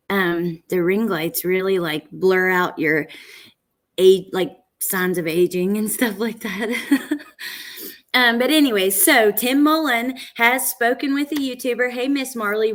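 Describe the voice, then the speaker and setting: A woman hosting a casual livestream from home, chatting with viewers and greeting them by name, with lots of fillers. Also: mid-range voice. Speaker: true crime livestream host. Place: at home, indoors. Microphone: computer camera setup for a livestream.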